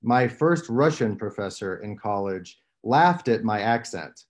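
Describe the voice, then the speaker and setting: Low-voiced interviewer with a faint Southern accent. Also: male voice, lively intonation. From Southern West Virginia. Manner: measured, many fillers and restarts. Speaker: interviewer host. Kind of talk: conversational interview.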